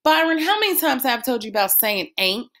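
A woman's voice: on the high side, very animated, fairly quick, fairly bright tone, pitched above the performer's own voice. A woman voicing a worried mother who scolds her family. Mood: worried scolding.

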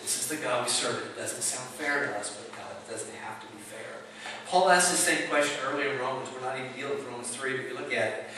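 A man's voice: mid-range voice, fairly quick, a crowd in the background. A man preaching a sermon in an emphatic, conversational way, asking rhetorical questions. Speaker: pastor. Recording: echoey hall, mic at a distance.

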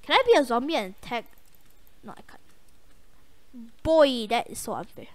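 Excitable young woman gaming streamer. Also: a little high, normal speed, pauses often. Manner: excitable, yelps and trash-talks the game. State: voice going hoarse. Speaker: gaming channel host. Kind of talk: casual gameplay commentary.

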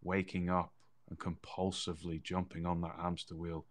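A man's voice: sits low, monotone, moderate pace. A man co-hosting a podcast, talking earnestly and repeating phrases for emphasis. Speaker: podcast co-host. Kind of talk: casual conversational chat.

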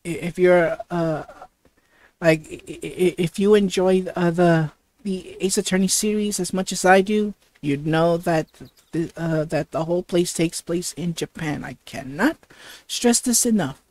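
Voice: mid-range voice, measured pace, a little mellow. A let's play host giving casual gaming commentary, rambling with heavy stutters and fillers.

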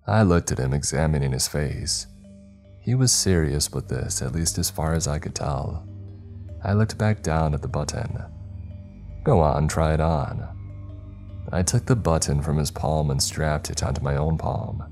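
Very deep-voiced male horror narrator. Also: lively intonation, normal speed, darkish tone, soft background music.

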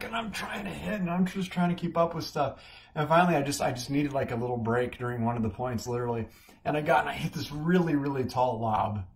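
A man from the Midwestern United States, a company CEO, giving a conversational business talk that opens with a lively personal story. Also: medium pitch.

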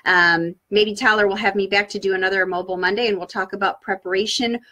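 A woman's voice: mid-range voice, fast. Woman doing a peppy live stream talk, coaching folks on speaking, lots of inflection, sounds like a laptop mic. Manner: upbeat, coaching, lively inflection. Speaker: public speaking presenter. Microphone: webcam or laptop mic for a live stream.

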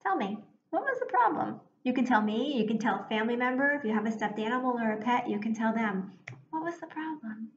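Slow, encouraging woman teaching young children. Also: fairly high pitch, lively intonation. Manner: slow, clear and encouraging, pausing for answers. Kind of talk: recorded remote reading lesson for young children. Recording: echoey room, dull sound, faint hiss.

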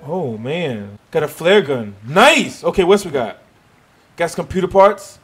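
A man narrates his survival game run in a slightly high, very lively voice that swings from hushed nerves to loud yelps. He swears often and talks to himself as he plays. A faint hiss sits under the recording. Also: unhurried. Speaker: gaming YouTuber. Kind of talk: survival game let's play commentary.

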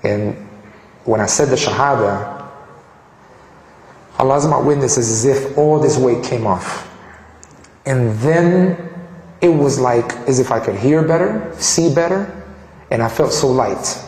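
A man from Colombia telling his personal story in an animated way, often restarting his sentences. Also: mid-range voice, unhurried, pauses often. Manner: animated, frequent restarts and fillers. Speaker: convert giving a testimony. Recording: echoey hall with long reverb.

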